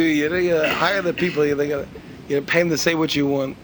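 Guy giving a religious talk, fairly high voice, tells stories, keeps repeating himself, faint rumble. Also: a little fast. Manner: animated storyteller, rhetorical questions, repeats himself. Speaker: religious teacher. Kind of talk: spoken religious lesson.

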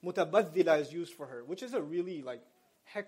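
High-voiced man giving a casual lecture. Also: expressive, quick pace, a little mellow, breathy edge. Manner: conversational, explains terms in plain slang. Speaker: Islamic lecturer. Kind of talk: lecture to college students.

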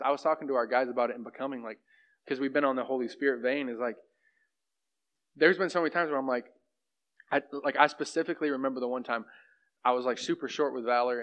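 A man teaching a church group in a casual, conversational way, often checking in with "right?". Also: mid-range voice. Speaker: pastor leading a group teaching. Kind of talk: informal sermon and discussion. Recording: dull lo-fi sound.

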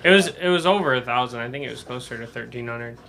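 A man's voice: mid-range voice, fast, creaky, pushed and bright. A man in a casual podcast chat, telling stories in a laid-back, dry way. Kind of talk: casual storytelling.

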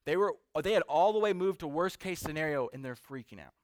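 A man preaching a sermon to a seated congregation, earnest, building to emphatic peaks and then dropping soft. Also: a little high, animated, fairly quick, no echo, studio quality. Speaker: pastor.

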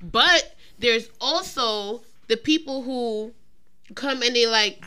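A young woman co-hosting a casual podcast chat, telling stories with lively acted-out quotes. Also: high voice, normal speed. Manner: animated storyteller who acts out quotes. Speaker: podcast co-host.

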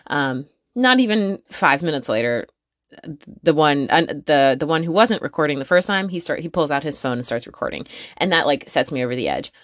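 A woman hosting a podcast from her closet, telling a story in a casual, profane, animated way and laughing often. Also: low-pitched, dry recording, clean studio sound. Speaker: podcast host. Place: home closet.

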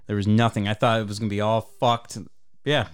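A man's voice: on the low side, fairly even intonation, brisk, clear, resonant tone. A man from Michigan, a podcast co-host, telling rambling, profane anecdotes in casual chat. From Michigan, USA.

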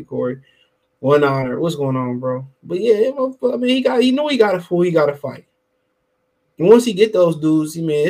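His voice is a little high and somewhat mellow as he runs a boxing podcast, welcoming people from the live chat. The commentary stays casual yet heated, profane, emphatic, and repetitive.

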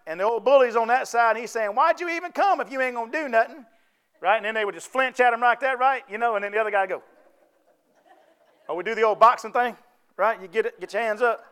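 A man's voice: sits high, fast, fairly bright tone, clean tone. A man preaching a sermon, folksy and conversational, often asking the congregation to answer back.

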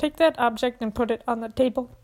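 A woman's voice: a little high, brisk, darkish tone. Earnest woman guiding a self-help exercise. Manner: earnest and emotional, talks through tears at times. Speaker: podcast host.

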